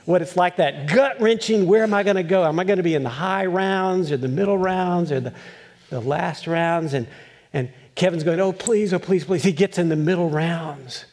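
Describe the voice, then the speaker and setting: A male pastor preaching a sermon, telling a story with acted-out voices and chuckles, then asking animated questions. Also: on the high side.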